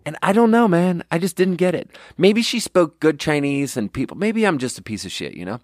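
A man's voice: a little high, big pitch swings, brisk, no room sound, clean studio sound. A young man telling a rambling, profane, self-deprecating story in a casual podcast monologue, sleep deprived. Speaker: podcast host.

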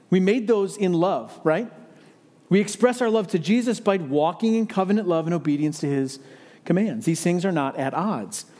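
A man's voice: sits high, a little mellow. A man preaching a sermon as a pastor, earnest and emphatic, asking rhetorical questions of his listeners.

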